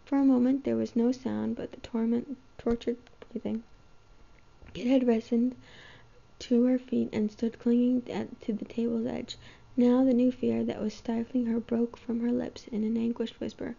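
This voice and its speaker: Gravelly woman reading a novel aloud. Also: fairly high pitch, measured pace. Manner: steady, even storybook reading. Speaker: reader. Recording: dull lo-fi home recording.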